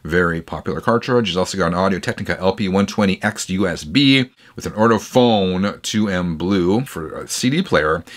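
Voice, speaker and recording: A man's voice: deep voice, a bit bright. A man hosting a casual show, reading viewer letters and reacting with chatty enthusiasm, correcting himself now and then. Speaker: host reacting to viewer music rooms.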